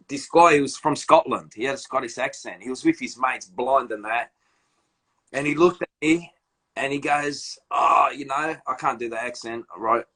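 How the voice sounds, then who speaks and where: A man hosting a live video chat, telling stories in a loose, slangy way. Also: mid-range voice. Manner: animated storytelling, slangy. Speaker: host. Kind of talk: casual live-stream chat. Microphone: phone or laptop on a live video call.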